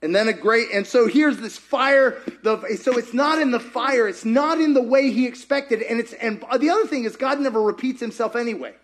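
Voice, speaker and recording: Animated preacher, man with a high voice. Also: moderate pace, hardly any pauses. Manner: animated, rhetorical questions to the congregation. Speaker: pastor. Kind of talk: sermon.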